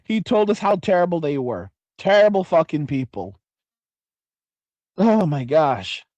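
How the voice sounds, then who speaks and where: A man hosting a livestream and reading chat, talking casually in a profane, excitable, rambling way. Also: fairly high pitch, unhurried, dry recording. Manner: profane, excitable, trails off and restarts.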